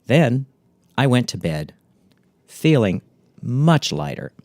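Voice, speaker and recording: A middle-aged man telling a memoir story in a wry, catty, deadpan way. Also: medium pitch, takes it slowly.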